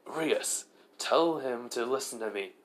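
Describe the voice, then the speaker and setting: Brief: man putting on a haughty young devil aristocrat, raised pitch, loud and indignant, storytelling. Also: slow, natural voice, low-quality recording. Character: arrogant pure-blooded young male devil noble.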